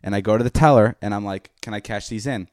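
A young man with a lowish voice tells a story on a podcast in casual chat. He swears freely and acts out every voice in it. The sound is close and dry, with no room around it. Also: fast, dry recording. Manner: profane, animated, acts out quoted dialogue. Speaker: podcast host.

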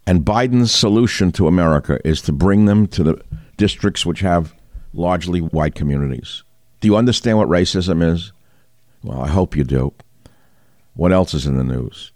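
A man's voice: sits low, darkish tone, no echo, clean studio sound. A man hosting a talk show, delivering combative, indignant news commentary and firing rhetorical questions at the listener. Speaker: talk radio host.

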